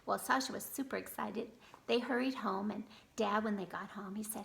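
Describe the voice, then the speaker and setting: A woman kindergarten teacher gently telling a story and talking directly to young children. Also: mid-range voice, normal speed, gravelly, a little hiss or hum.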